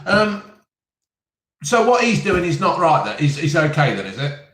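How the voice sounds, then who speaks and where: A man's voice: fairly high pitch, very animated, normal speed, fairly bright tone, roomy sound. A man, chatting casually on a live stream and reading out viewer comments with jokes. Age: 50s. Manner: chatty, jokey, reads viewer comments aloud.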